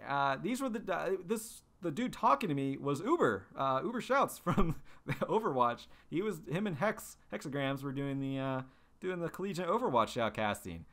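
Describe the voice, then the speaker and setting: A man's voice: on the high side, sing-song, moderate pace, a bit bright. A young man hosting a podcast, telling stories in a loose, rambling way full of fillers and restarts. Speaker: podcast host. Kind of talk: casual monologue.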